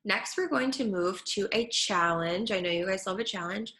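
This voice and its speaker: A woman speech therapist teaching children at home, saying each word slowly and clearly. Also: medium pitch, fairly bright tone, a little hiss or hum. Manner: slow, clear over-articulation of words. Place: her home kitchen. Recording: echoey room.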